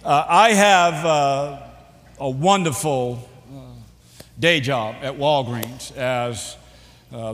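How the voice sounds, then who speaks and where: Middle-aged Boston man giving a speech. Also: a little high. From New Bedford, Massachusetts. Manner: warm, joking delivery with dramatic pauses and frequent "uh" fillers. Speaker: keynote speaker. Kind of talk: public speech with humorous storytelling. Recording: long hall reverb.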